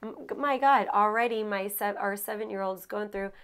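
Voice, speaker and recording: Her mid-range, fairly bright voice moves at a moderate pace as she co-hosts a candid, casual chat about her marriage. Earnest and emotional, she laughs often, drifts off her train of thought, and keeps rambling and starting over.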